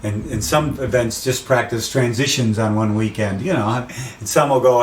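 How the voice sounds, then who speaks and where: A middle-aged man chats casually and with animation, leaping up in pitch whenever he acts out what people say. He sits back from the microphone, so his voice comes across roomy and distant. A faint hiss lies under it. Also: moderate pace. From USA. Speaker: race announcer guest. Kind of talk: casual interview chat. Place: outdoors by the sea.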